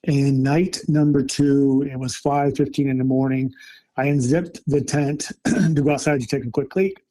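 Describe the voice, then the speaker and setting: A middle-aged man casually telling an excited story about a camping trip with his family. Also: medium pitch, moderate pace. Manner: animated, excited retelling with acted quotes. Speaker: storyteller recounting a camping encounter.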